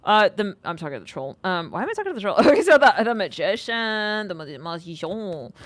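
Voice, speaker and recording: A woman's voice: mid-range voice, sing-song, fairly quick. A woman rambling through a casual tarot reading, sassy and loose with her swearing. Her voice sits mid-range and sounds dry and close, with no room echo. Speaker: tarot reader.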